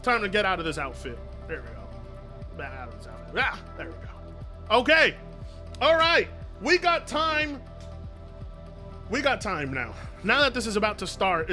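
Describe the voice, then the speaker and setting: A man chatting casually on a live stream, excitable, joking and swearing. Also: sits high.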